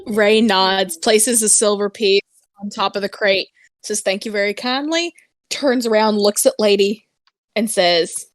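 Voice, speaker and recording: A woman playing a tabletop game who describes her character's actions casually, with halting fillers. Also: medium pitch, steady tone, no echo. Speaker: player.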